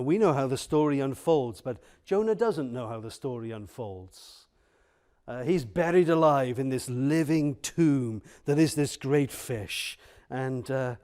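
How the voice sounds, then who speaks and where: A man's voice: on the high side, dark tone. A man preaching a sermon in a church, earnest, building with repeated phrases and asking the congregation direct questions.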